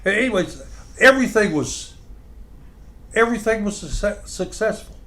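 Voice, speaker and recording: A man reminisces about old radio days in a rambling, easygoing way. His voice sits a little high for a man. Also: expressive, normal speed, fairly bright tone. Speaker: morning show host. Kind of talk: casual chat.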